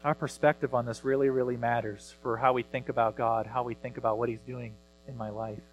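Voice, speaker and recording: A man in his thirties preaching a sermon as pastor, earnest, rising loud when he reads scripture. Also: medium pitch, level tone, a little fast, a little hiss or hum, poor audio.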